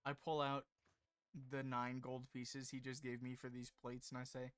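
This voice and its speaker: Animated, stammering man player. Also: mid-range voice, normal speed, clear, resonant tone, dry recording. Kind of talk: casual tabletop game chat.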